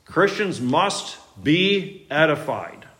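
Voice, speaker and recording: A middle-aged male pastor preaching a sermon, emphatic, with sudden loud rises and soft drops. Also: a little high, very animated, slow.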